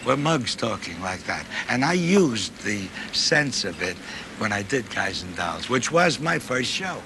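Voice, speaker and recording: An older male writer with a New York accent, chatting wryly in an interview and pausing often. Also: on the low side, very animated, creaky. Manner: chatty, wry, halting with fillers. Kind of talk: archive interview. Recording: noisy archive recording.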